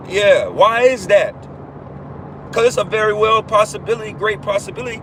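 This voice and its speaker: A man's voice: high-pitched, a little fast, noisy background. A man giving an informal livestream sermon, emphatic and repetitive, swearing casually as he preaches.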